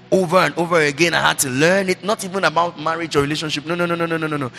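A middle-aged man, a pastor, preaching a sermon into a handheld mic, repeating himself and breaking into lively asides. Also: fairly high pitch, a little hiss or hum. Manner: preaching, repetitive, animated asides. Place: church hall. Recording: reverberant hall with faint ambience.

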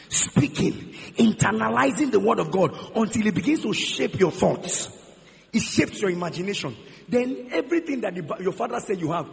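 A man with a Nigerian accent preaching a sermon as pastor, repeating phrases and swinging from shouting to quiet. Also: sits high, creaky. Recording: long hall reverb.

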